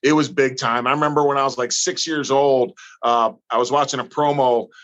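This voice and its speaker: A man's voice: medium pitch, fairly quick, muffled recording. A man from northern Missouri, a guest telling stories in a casual interview and acting out the people in them. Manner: animated storyteller, acts out others.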